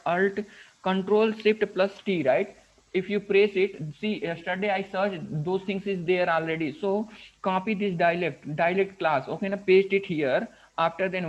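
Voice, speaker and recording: The recording is a dull lo-fi screen capture of a live coding class. The instructor, a man with an Indian English accent and a high-sitting voice, walks through every step while asking "right?" and "what is that?" over and over.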